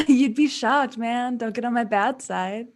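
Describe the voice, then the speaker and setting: A woman's voice: fairly high pitch, slow pace. A woman voicing a laid-back hippie druid woman who talks in surfer slang, calling everyone "dude" and "man". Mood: breezy.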